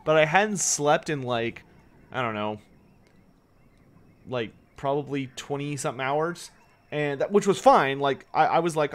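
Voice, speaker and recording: Slightly high and measured, his speech has long pauses. He's a weary, yawning streamer playing a strategy game live, chatting casually, answering chat's questions, and swearing when annoyed.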